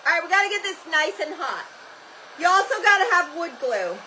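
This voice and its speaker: A woman hosting a live craft demo, chatting loudly and greeting viewers by name as she works. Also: very high voice, very animated, a little fast. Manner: says she is talking very loudly. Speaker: craft livestream host. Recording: noisy room with heat gun running. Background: heat gun whirring.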